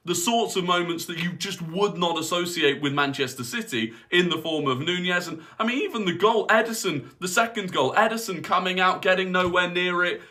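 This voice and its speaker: Man, high bright voice, critical football reaction commentator. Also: fairly quick, few pauses.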